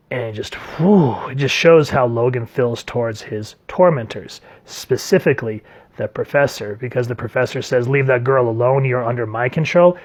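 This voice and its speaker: A man reviewing a comic book in a chatty, enthusiastic way, with lots of filler words and laughter. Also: medium pitch. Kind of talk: casual video review.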